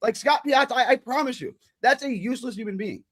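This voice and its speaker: Man, argumentative, loud, high-pitched, live-stream talk. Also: fast. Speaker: regular show guest.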